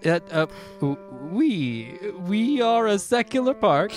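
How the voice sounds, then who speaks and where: A bumbling male restaurant waiter with a put-on French accent, as the game master plays him, full of hesitant pauses and scattered French words. His voice swings widely in pitch, and faint music plays underneath. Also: animated, fairly bright tone. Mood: mock-polite. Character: rude fake-French park waiter, male. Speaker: game master voicing a character.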